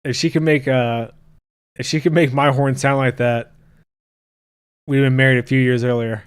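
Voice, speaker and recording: A man's voice: mid-range voice, steady tone, normal speed, smooth. A man hosting a casual podcast, ranting and joking crudely while reading his live chat. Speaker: podcast host.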